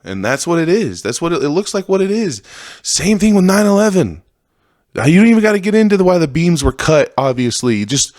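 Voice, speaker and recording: A man's voice: a little high, sing-song, fairly quick, darkish tone, no room sound, studio quality. A man hosting a podcast, delivering a heated, profane rant that circles back on its own phrases. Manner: heated, profane, repetitive ranting. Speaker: podcast host. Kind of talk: ranting podcast monologue.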